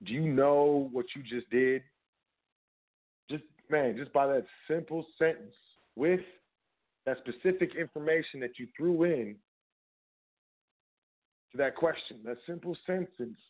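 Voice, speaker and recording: Man, show host, casual instructional talk, emphatic, mid-pitched voice, tinny phone-like sound. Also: measured pace, long pauses. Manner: conversational and emphatic, with repeated filler phrases. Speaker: podcast host. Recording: phone-like narrow band audio.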